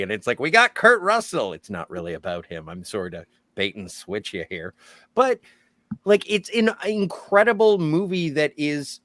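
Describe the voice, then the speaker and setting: A man discussing a movie on a podcast, animated, swinging between loud points and muttered asides. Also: medium pitch, dry recording, studio quality. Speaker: podcast co-host.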